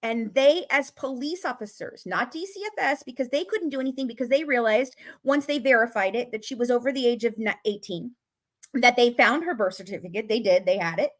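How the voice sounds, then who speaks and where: High-voiced, heated woman ranting about true crime. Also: a little fast. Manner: emphatic, repetitive, swears when worked up. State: openly angry. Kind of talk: casual true-crime rant to viewers.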